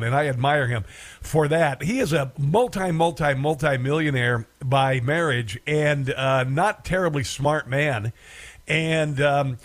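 Male talk radio host, slightly high voice, sarcastic and chuckling, rambling delivery. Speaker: podcast host.

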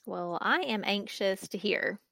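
A woman with a Southern US accent co-hosts a casual podcast, mostly giving short reactions and questions. Her voice sits at a middle pitch. The sound is dry and close. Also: animated, measured pace, vocal fry, a bit bright, no echo. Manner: brief reactions, laughs easily. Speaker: podcast co-host.

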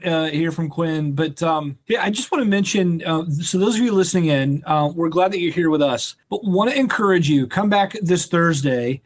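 A man hosting a casual sports podcast, his voice sitting a bit on the high side. He rambles, jokes and drifts off topic with easy laughter. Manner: rambling, jokey, breaks into laughter. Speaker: podcast host.

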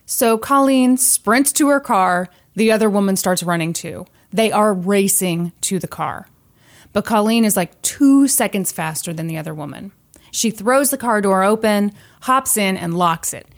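Woman podcast co-host, casual storyteller, animated, mid-pitched voice. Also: a little slow. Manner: animated, acts out quoted voices, laughs often. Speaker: podcast co-host telling a true crime story.

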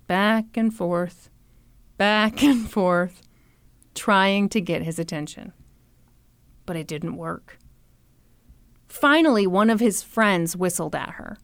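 A young woman hosting a podcast, telling a true crime story in an animated, chatty way full of "like" and "you know". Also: mid-range voice, smooth, no room sound. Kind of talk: casual storytelling chat.

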